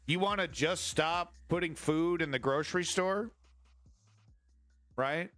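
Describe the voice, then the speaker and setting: A man's voice: fairly high pitch, takes it slowly, fairly bright tone, no room sound, soft background music. A man hosting an online political commentary show, ranting in a profane, combative and sarcastic way.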